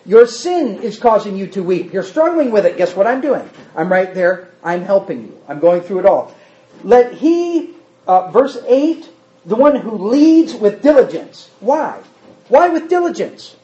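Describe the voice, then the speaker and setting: A man's voice: high-pitched, a little slow, muffled recording. A man giving a conversational sermon, reading scripture aloud and talking directly with his congregation. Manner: animated, talks with the congregation, reads scripture aloud. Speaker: pastor or Bible teacher.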